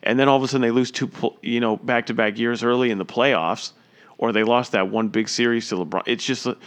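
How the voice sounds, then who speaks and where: Excitable man calling a live game. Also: mid-range voice, a little fast, vocal fry. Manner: excitable, chatty, bursts into loud exclamations. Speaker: fan streaming live game commentary. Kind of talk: casual live play-by-play watch-along.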